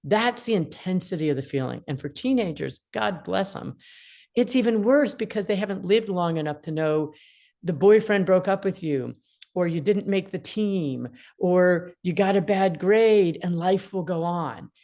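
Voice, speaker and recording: A woman's voice: fairly low pitch, normal speed. A woman in her sixties, an attorney mediator, explaining parenting advice and acting out what upset teens feel. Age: 60s. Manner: animated, acts out quoted feelings.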